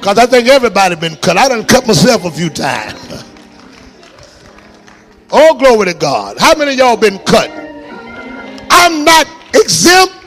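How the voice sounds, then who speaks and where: High-pitched shouting preacher man. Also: very animated, a little slow, long pauses, soft background music. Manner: shouting, exhorting the congregation with call-and-response commands. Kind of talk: fiery sermon. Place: church sanctuary.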